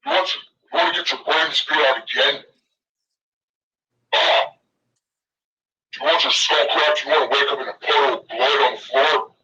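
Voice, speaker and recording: A man's voice: mid-range voice, quick pace, pushed and bright, far from the mic, dull audio. A man doing a sneering teen bully. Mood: menacing. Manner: sneering, threatening, mocking. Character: cruel taunting teenage boy bully. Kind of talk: voicing game characters aloud.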